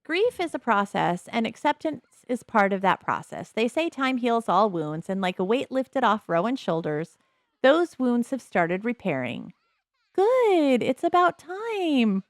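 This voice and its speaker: A woman's voice: on the high side, big pitch swings, unhurried, no echo. Wry, chatty woman gamer with a dry sound. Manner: chatty and wry, laughing often, acting out character voices. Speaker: let's play host. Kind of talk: casual gameplay commentary.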